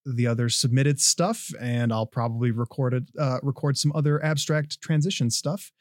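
A man's voice: medium pitch, steady tone, normal speed, darkish tone, dry recording, studio quality. A man hosting a podcast who wraps up the chat loosely and jokingly. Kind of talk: casual chat.

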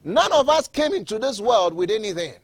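A man's voice: high voice, very animated, brisk, slightly rough, no echo. A male pastor reading scripture aloud and then preaching a sermon with emphatic repetition.

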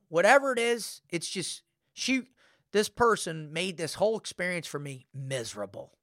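A man, a motivational speaker, telling a personal story in a casual, animated way and acting out quoted lines. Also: high voice, no echo, clean studio sound. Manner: animated, acts out his own inner voice and quotes. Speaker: podcast guest, motivational speaker.

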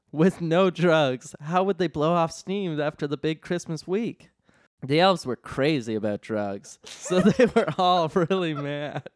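A man reading an absurd comedy story aloud in a deadpan way, often cracking up. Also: fairly high pitch, no echo, studio quality. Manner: deadpan narration, often breaking into laughter. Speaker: storyteller host.

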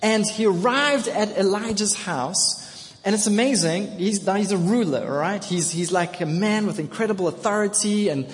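High-voiced preacher in a hall. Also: male voice, normal speed. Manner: storytelling preacher, repeats phrases, builds to loud emphatic calls. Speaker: pastor. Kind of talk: sermon. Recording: long reverb of a large hall.

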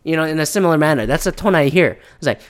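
A man's voice: a little high, lively intonation, rapid-fire. A man in a heated, profane casual rant, often mimicking other people in mocking voices. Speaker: commentator. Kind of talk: ranting casual commentary.

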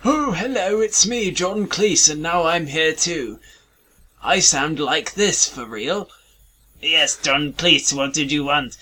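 A man voicing a comic caller who impersonates a famous British actor in a high posh voice. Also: lively intonation, slow, pushed and bright, heavily acted. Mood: fussy.

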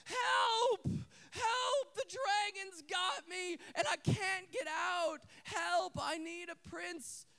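A man doing a shrill little girl crying for help. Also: extremely slow, vocal fry, pushed and bright, full character voice. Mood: pleading. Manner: shrill, pleading cries. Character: little eight-year-old girl playing damsel in distress.

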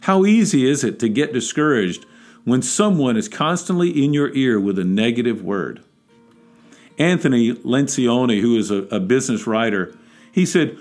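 Guy preaching a podcast sermon, pushy and fired up, quiet guitar under it. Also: medium pitch, animated, normal speed. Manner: exhorting, emphatic, rising to urgent peaks.

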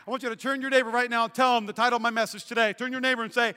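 Pastor, male, animated storyteller; high bright voice, church hall reverb. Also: fast talker, smooth. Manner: animated storytelling with playful asides. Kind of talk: sermon. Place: church sanctuary.

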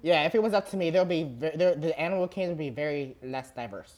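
A woman's voice: low voice, quick pace. A woman co-hosting a podcast in casual chat, telling stories expressively and acting out what she would say. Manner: expressive storyteller, acts out quotes, swears. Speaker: podcast co-host.

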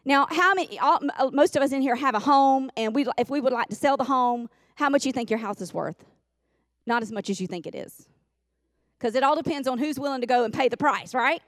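A woman's voice: a little high, dry recording, clean studio sound. A woman preaching a sermon in a church, folksy and repetitive, calling on the congregation to respond. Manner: folksy, repeats lines for emphasis, calls on the congregation. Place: church sanctuary.

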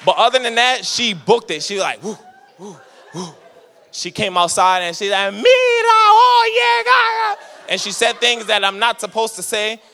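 Storytelling young preacher in a reverberant hall. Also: male voice, sits high, brisk, few pauses, a faint crowd, a little hiss or hum. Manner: animated, acts out voices in his stories. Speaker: youth pastor. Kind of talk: sermon with storytelling.

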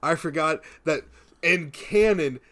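A man's voice: fairly high pitch, takes it slowly, a bit bright. A young man co-hosting a podcast, joking and rambling in casual comedic chat, laughing often. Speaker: podcast co-host.

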